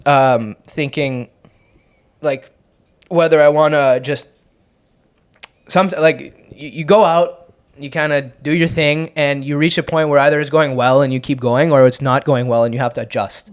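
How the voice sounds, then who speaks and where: This young podcast host and comedian from Canada talks a little slowly in a slightly high voice with fairly even intonation. His casual chat is rambling and profane, full of false starts.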